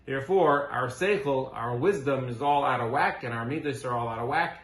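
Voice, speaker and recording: A man's voice: mid-range voice, moderate pace, a bit bright. A man giving a Torah class as a rabbi, earnest and full of rhetorical questions, weaving in Hebrew and Yiddish terms. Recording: roomy echo.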